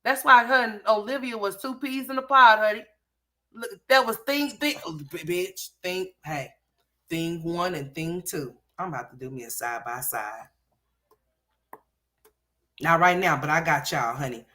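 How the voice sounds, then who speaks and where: Sassy bright-voiced woman roasting a vlog. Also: fairly low pitch, animated, normal speed. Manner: sassy, scolding, talks back at the screen. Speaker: commentary host reacting to a vlog. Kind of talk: profane reaction commentary.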